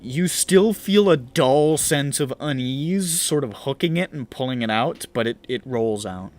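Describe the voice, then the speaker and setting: A man's voice: medium pitch, lively intonation, measured pace, darkish tone. A man narrating as game master in a tabletop game, rambling and swearing casually as he describes scenes.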